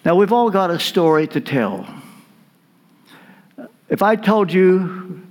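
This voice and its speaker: Slow, dramatic man preaching. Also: sits high, expressive. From United States. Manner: storytelling, dramatic pauses. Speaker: guest preacher. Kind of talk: sermon.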